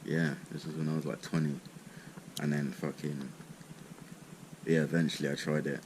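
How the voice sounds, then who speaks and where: A man's voice: a bass voice, level tone, moderate pace. A man telling a rambling, sweary story in a laid-back way, smoking as he talks. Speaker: vlogger. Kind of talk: casual storytime. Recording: noticeable background noise.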